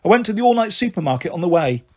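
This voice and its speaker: A man's voice: sits high, big pitch swings, very fast, breathy edge, heavily acted. A man voicing a hearty, frank middle-aged aunt who runs a pub, in a raised voice. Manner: warm, jolly, frank. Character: hearty big-hearted woman pub landlady aunt, bustling.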